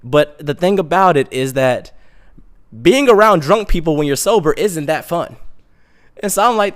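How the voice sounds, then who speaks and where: Young guy telling a wild story, lively and laughing at himself. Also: a little high, moderate pace. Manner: animated, self-mocking, acts out quotes. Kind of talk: casual comic storytelling.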